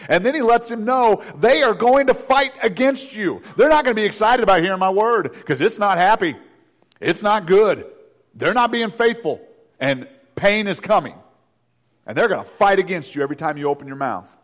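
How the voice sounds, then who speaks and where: A man's voice: sits high, expressive, moderate pace. A man preaching a sermon in a conversational way, with joking asides. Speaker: pastor.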